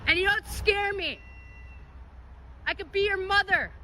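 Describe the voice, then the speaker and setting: Indignant middle-aged woman lecturing loudly. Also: very high-pitched, unhurried, a little hiss or hum. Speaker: protester filming agents. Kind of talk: street confrontation. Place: city street outdoors. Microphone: phone camera.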